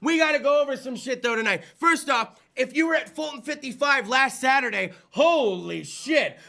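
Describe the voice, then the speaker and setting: A man's voice: expressive, normal speed, vocal fry, bright, forceful tone. A man hosting a small-studio talk show, rambling in hyped, profane banter. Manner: rambling, hyped, swears freely, slips into goofy low voices. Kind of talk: loose, profane live call-in show banter.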